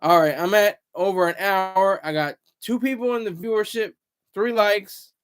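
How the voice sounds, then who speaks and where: A man's voice: high voice, moderate pace, clear, resonant tone. A man in his thirties hosting a casual livestream, rambling loosely and reading viewer comments aloud. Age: 30s. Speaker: livestream host.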